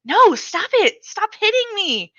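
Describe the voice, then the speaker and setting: A whiny little boy, as a woman reading aloud puts him on, his voice raised and wheedling. The sound is bright and crisp, dry and close, on a slightly muffled recording. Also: sits high, lively intonation, normal speed, dry recording, voice pushed up. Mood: hurt. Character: young boy, pestering little brother.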